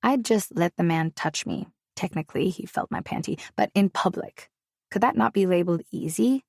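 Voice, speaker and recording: A woman's voice: fairly low pitch, moderate pace, creaky, a little mellow, no echo, clean studio sound. A woman narrating a romance audiobook in the first person, intimate and confessional.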